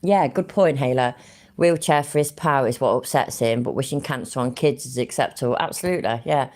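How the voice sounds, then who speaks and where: A woman's voice: a bass voice, a little fast, darkish tone. A woman giving casual commentary over a livestream, sarcastic and mocking, swearing freely.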